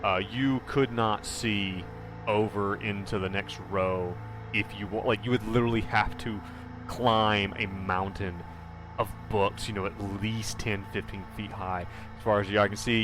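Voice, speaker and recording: A man narrating a tabletop horror game as game master, rambling with lots of fillers. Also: fairly low pitch.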